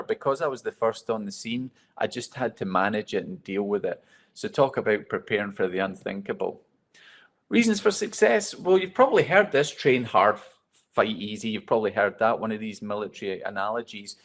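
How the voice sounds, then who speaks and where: Man telling stories on stage. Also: fairly low pitch. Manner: storytelling, candid and self-deprecating. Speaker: keynote speaker. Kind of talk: motivational talk to a live audience.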